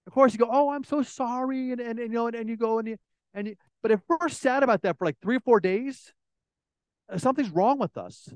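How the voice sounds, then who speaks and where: A man's voice: very high-pitched, quick pace, no room sound, rough recording. A man preaching a sermon in a conversational way, often repeating words and acting out little everyday scenes. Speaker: pastor.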